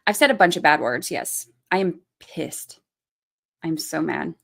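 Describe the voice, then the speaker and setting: A woman's voice: deep voice, expressive, measured pace, vocal fry, fairly bright tone. A woman in her thirties hosting a true crime livestream, talking casually and bluntly, swearing freely and reading out chat messages as she goes. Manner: reads chat names aloud and answers them.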